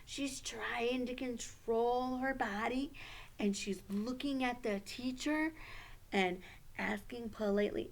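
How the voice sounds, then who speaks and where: A woman teacher giving a puppet lesson for children, gentle and encouraging. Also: fairly high pitch. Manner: gentle, encouraging, slow and clear.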